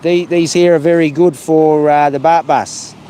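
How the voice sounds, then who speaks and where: Travel vlogger, male, loose chatty delivery outdoors, slightly high voice. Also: steady tone, unhurried, noisy background. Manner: chatty, rambling, talks to viewers as "guys". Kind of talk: casual walking vlog. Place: outdoors on town streets.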